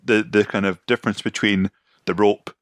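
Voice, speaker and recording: Low-voiced man in casual podcast chat. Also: flat delivery, normal speed, no echo, studio quality. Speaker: podcast co-host. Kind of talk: casual movie review chat.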